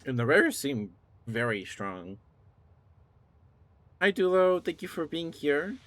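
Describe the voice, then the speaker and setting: A man streaming live, chatting in a relaxed way and thanking viewers, still groggy with a morning voice. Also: mid-range voice, measured pace, no echo. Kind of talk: casual live-stream chat.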